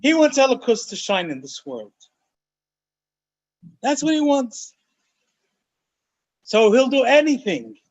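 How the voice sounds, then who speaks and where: A man, a rabbi, teaching a Torah study class in an animated, emphatic way. He often slows down to stress key phrases and mixes in many Hebrew and Yiddish terms. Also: sits high, muffled recording.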